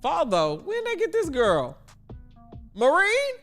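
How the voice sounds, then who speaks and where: A man's voice: very high-pitched, wildly swooping pitch, takes it slowly, a bit bright, soft background music. A man from Chicago hosting a casual sports livestream, chatty and answering his viewers' chat aloud. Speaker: livestream host.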